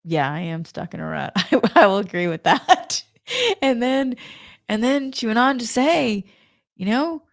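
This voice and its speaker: A woman's voice: on the high side, measured pace, no echo, studio quality. A woman giving a spiritual energy talk in a chatty way, telling a personal story and laughing often. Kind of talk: casual spoken monologue.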